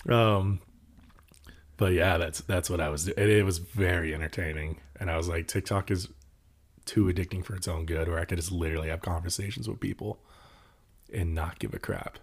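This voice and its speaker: A young man from California telling stories in casual chat, animated, laughing often and mimicking the people he quotes. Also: deep voice, brisk, slightly rough. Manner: animated storytelling, laughs often, voices others.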